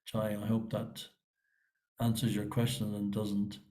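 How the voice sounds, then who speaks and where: A man's voice: fairly low pitch, monotone, measured pace, a little mellow. A man giving a reflective scripture class online, talking loosely with many fillers and restarts. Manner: conversational, rambling, frequent fillers and restarts.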